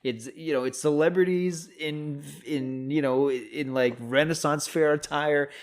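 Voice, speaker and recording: A man's voice: on the high side, fairly even intonation, measured pace. A man co-hosting a podcast in casual chat, playfully making up comic alternative endings and acting out short quotes. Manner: playful, spins comic what-if scenarios with acted quotes. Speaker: podcast co-host.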